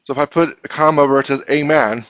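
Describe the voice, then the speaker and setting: A man's voice: fairly high pitch, fairly even intonation, fast, fairly bright tone, no echo, low-quality recording. A man teaching a grammar lesson to a class, patiently explaining step by step and asking his students questions.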